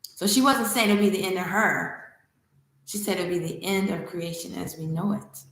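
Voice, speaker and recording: A woman's voice: lowish voice, fairly even intonation, moderate pace, a bit bright. A woman spiritual teacher giving a casual devotional talk, a chatty, digressive storyteller who laughs easily and reads aloud from a book. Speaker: spiritual teacher and temple founder. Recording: very echoey room.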